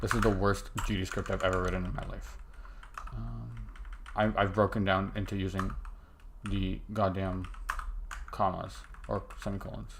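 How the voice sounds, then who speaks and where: A young game developer streaming his work mutters to himself through casual live-coding commentary, cutting off mid-sentence over keyboard typing and mouse clicks. His deep, gravelly voice is flat, at normal speed with long pauses, against a noisy background.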